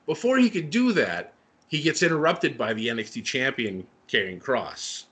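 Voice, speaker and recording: Excitable man co-hosting a wrestling podcast. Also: medium pitch, moderate pace. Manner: excitable, emotional storytelling. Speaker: podcast co-host. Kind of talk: casual chat.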